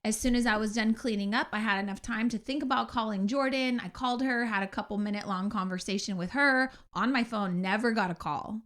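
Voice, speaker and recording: A woman co-hosting a podcast, telling a story in an animated, emphatic way. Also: a little high, a little fast, few pauses. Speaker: podcast co-host. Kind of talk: casual podcast chat.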